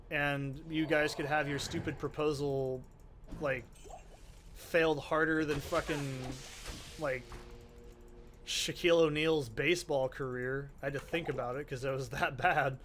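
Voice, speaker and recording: A man's voice: fairly high pitch, fairly even intonation, a little slow, background noise. A man ranting with heavy profanity and exasperation while commentating his own gameplay. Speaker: gaming channel host. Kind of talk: let's play commentary.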